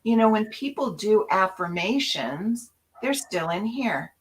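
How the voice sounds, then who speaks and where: A woman hosting an inspirational spiritual talk, speaking slowly and with care. She tells stories with animation and acts out her own past reactions in different voices. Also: mid-range voice, very animated, poor audio. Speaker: spiritual talk show co-host.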